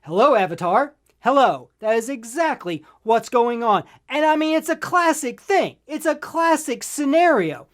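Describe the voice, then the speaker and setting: A woman's voice: high voice, very animated, normal speed, hardly any pauses. Woman ranting, profane and emphatic. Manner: profane, emphatic, repeats lines for effect. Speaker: podcast host and film reviewer. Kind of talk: casual ranting review.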